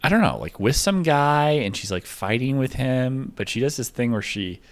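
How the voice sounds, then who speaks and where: A man's voice: mid-range voice, sing-song, normal speed. A young man talking in a rambling, digressive monologue, jumping from topic to topic as he tells stories. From United States.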